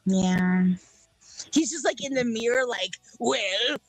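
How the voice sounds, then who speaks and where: A woman's voice: on the high side, lively intonation, measured pace, low-quality recording. A young woman chatting casually on a panel show, playful and joking, swearing freely. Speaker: panel co-host. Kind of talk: casual chat.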